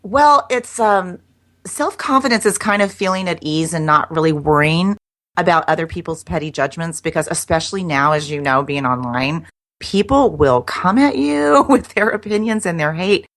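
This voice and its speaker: A woman's voice: fairly low pitch, expressive, moderate pace, fairly bright tone. A middle-aged woman guest chatting casually in an interview, laughing often and restarting her sentences. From United States.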